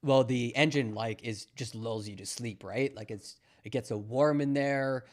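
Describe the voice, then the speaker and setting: A man's voice: medium pitch, moderate pace. A young man from Canada commenting casually on news clips, sarcastic and mocking, rambling with lots of fillers. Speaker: streamer reacting to news clips.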